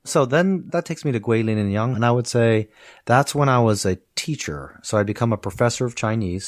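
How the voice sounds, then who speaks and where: A man, a professor of Chinese, telling stories in a conversational podcast interview, laughing often and acting out the people he quotes. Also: low voice. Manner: lively storytelling, quotes people in put-on voices; laughs often while talking.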